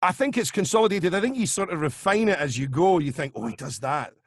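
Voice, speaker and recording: A man telling animated show-business anecdotes as a guest on a video call, laughing often and slipping into impressions. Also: high voice, fast, no echo, clean studio sound. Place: home over video call.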